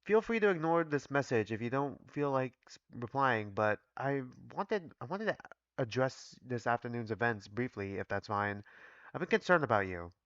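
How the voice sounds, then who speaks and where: A man reading an awkward, gentle doctor. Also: mid-range voice, lively intonation, moderate pace, no room sound, highs cut off, natural voice. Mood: concerned. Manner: hesitant, polite, soft. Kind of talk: reading a visual novel aloud.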